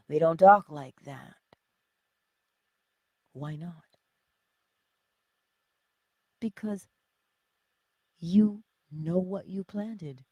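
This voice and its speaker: A woman with a lowish, dark voice speaks slowly, leaving long pauses, with no echo in the recording. She's a spiritual teacher delivering an inspirational morning teaching, preacherly yet conversational, packed with rhetorical questions.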